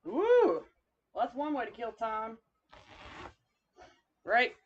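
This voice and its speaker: A woman's voice: fairly high pitch, very animated, slow, highs cut off. A woman with a Kentucky accent, chatting folksily with viewers while demonstrating wreath making in a live craft tutorial.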